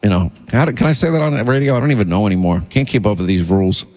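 A man's voice: lowish voice, racing, darkish tone, soft background music. Male talk radio host, indignant and emphatic, voice carries a lingering reverb.

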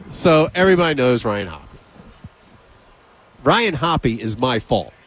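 A man hosting a radio show, telling a behind-the-scenes story in casual on-air chat, animated, acting out both sides of the conversation. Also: medium pitch, takes it slowly, husky. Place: radio studio.

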